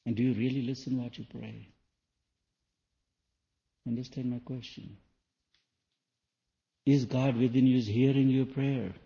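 Male spiritual teacher, dark and mellow, rhetorical questioning, lo-fi 1980s tape. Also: mid-range voice, steady tone, a little slow, creaky, long pauses. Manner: rhetorical questions, non-native phrasing. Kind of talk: spoken sermon to an audience. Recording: dull lo-fi 1980s tape recording.

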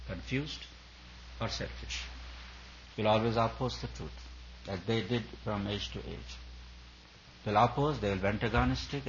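A man's voice: fairly low pitch, lo-fi sound, slight background noise. Man preaching in an emphatic, repetitive cadence. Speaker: spiritual teacher. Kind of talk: sermon.

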